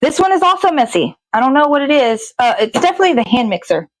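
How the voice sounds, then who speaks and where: A woman's voice: sits high, sing-song, fast talker, dry recording, poor audio. A woman hosting a morning show, chatting casually and rambling to herself as she bakes in her kitchen, swearing freely. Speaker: host. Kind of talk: casual chat while baking. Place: home kitchen.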